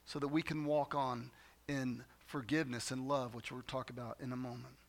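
A man's voice: medium pitch, flat delivery, moderate pace. A man preaching a sermon as pastor in a church, talking conversationally to the congregation and repeating phrases for emphasis.

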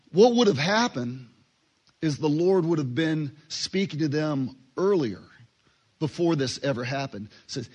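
A man giving a relaxed Bible teaching, talking conversationally and acting out short dialogues. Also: fairly high pitch, normal speed. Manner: conversational, acts out little dialogues, fillers.

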